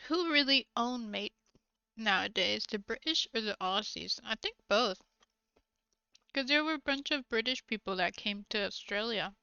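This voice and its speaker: A woman's voice: a little high, lively intonation, moderate pace, creaky, sharp tone, smooth, no room sound. A woman streamer chatting casually and giggling often while she crafts on a livestream, recorded on a slightly dull desk mic.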